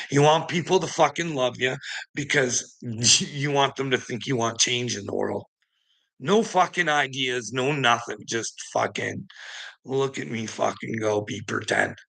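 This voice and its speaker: A man's voice: medium pitch, creaky, sharp tone, rough recording. A man ranting bluntly and indignantly in a casual monologue, swearing heavily as he talks to his viewers. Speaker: vlogger.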